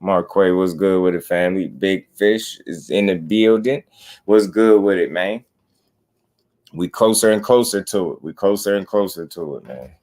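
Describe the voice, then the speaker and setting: Dude with a really low voice doing a laid-back boxing live stream, slangy and loose. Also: male voice, normal speed, darkish tone. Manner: laid-back slangy talk, greets viewers. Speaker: boxing channel host. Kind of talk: casual live-stream chat.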